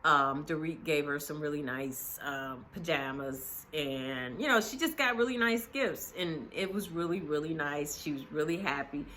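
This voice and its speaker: A woman recaps a reality show in a loose, gossipy chat, full of "you know" and "um." Her voice sits low but rings bright and forceful. Faint noise hums underneath. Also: moderate pace, hardly any pauses. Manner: chatty and gossipy, many fillers. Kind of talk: casual episode recap.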